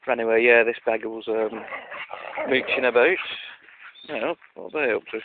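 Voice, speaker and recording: Bloke rambling self-mockingly on a walk, tinny lo-fi camera mic. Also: male voice, medium pitch, normal speed. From Lancashire, England. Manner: dry, self-mocking humour. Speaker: vlogger. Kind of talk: rambling outdoor video diary. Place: outdoors at a country park. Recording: tinny, lo-fi with faint hiss.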